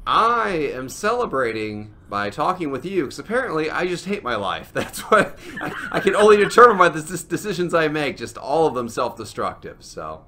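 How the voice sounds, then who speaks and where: A man co-hosting a comedy podcast, talking in deadpan, sarcastic casual banter. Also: on the high side, normal speed, hardly any pauses, slight background noise. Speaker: podcast co-host.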